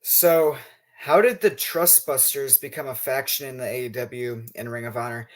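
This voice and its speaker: A man's voice: mid-range voice, steady tone, normal speed. Male interviewer asking questions. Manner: brief agreeing replies, reads out long questions. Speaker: interview host.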